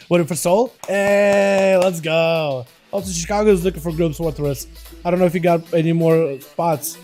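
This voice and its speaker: Hoarse, excitable male game streamer. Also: a little high, a little slow, soft background music. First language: Russian. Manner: excitable, hypes and banters with chat. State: hoarse, voice rough tonight. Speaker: livestream host casting game duels. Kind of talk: casual livestream commentary.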